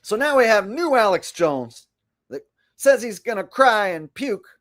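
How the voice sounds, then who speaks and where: A man's voice: sits high, big pitch swings, a little slow, fairly bright tone. A man hosting a livestream, talking in a boastful, rambling way as he comments on clips. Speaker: livestream host. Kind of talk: casual stream commentary.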